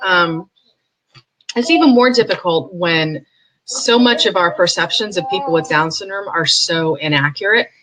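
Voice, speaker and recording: A young woman speaking candidly and with firm opinions as a podcast host, mimicking other people in high, mocking voices. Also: normal speed, fairly bright tone, low-quality recording. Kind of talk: casual commentary.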